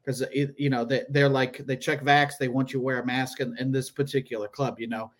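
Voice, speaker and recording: A man's voice: mid-range voice, level tone, fairly quick. A man, a comedian co-hosting a podcast, tells a rambling story in casual chat, often laughing and acting out the people he quotes.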